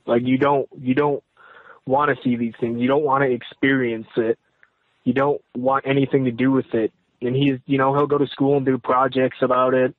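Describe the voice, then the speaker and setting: A man's voice: medium pitch, no room sound. Stammering man on a tinny phone line. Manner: halting, stammering, near tears. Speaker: caller. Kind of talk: emotional phone call.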